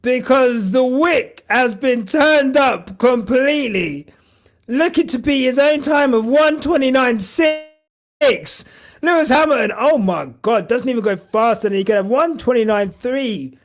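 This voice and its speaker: A man hosting a podcast, giving excitable, shouty live reaction commentary and swearing a lot. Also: very high-pitched, a little slow. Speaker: podcast host.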